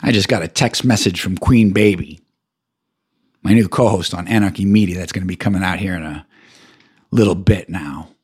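A man hosting a podcast alone, ranting angrily and profanely, his voice jumping high when he gets heated. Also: moderate pace, slightly rough. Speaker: podcast host. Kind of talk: angry solo rant.

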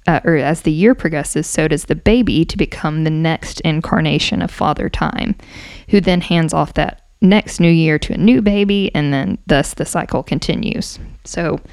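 A woman casually explaining folklore in a chatty monologue, hoarse and a little out of breath, correcting herself as she goes. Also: lowish voice, dark tone, no echo. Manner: chatty, self-correcting, with asides and laughs. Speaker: podcast host explaining folklore.

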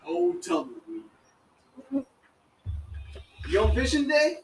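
High, lively man swearing in casual chat. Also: slow pace, creaky, over loud music. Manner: swears a lot, teasing. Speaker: podcast co-host. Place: outdoors at a home, by a fire. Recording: echoey outdoor sound from far off mic.

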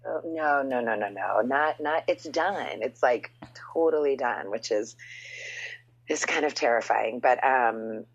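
Low husky woman telling stories. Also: unhurried, dull audio. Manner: storytelling, animated quotes, frequent "like". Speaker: podcast guest, musician. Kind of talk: casual chat.

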